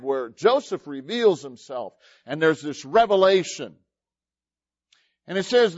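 A man's voice: fairly high pitch, no echo. A man preaching a sermon in a conversational way, retelling scripture and reading verses aloud with emphasis. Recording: dry, dull lo-fi sound.

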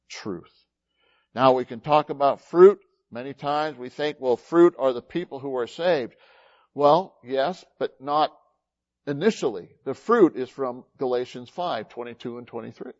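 A man preaching a sermon in an animated way, swinging between loud emphasis and quiet asides. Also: mid-range voice, dull audio. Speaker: pastor.

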